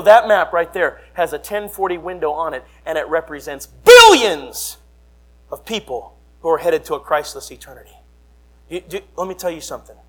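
Young preacher guy, high voice, hollers then drops low, fiery revival style. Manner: fiery, shouting, sweeping swings in pitch and volume. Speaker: traveling preacher.

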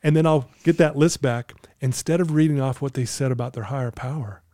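This man's voice is mid-range and dark, and he speaks briskly, recorded at studio quality with no echo. Appearing as a podcast guest, the client coach earnestly tells stories in a conversational interview, acting out dialogue with clients.

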